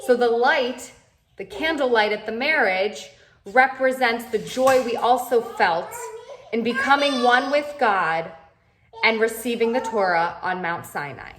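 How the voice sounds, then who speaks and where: High-voiced woman explaining slowly, echoey. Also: fairly bright tone, slight background noise. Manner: measured, carefully explaining. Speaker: cantor teaching a lesson. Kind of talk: explanatory lesson. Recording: roomy echoey sound.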